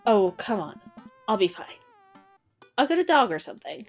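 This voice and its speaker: A woman voicing a playful teenage daughter who teases in a deadpan way. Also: mid-range voice, moderate pace, soft background music. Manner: teasing, deadpan.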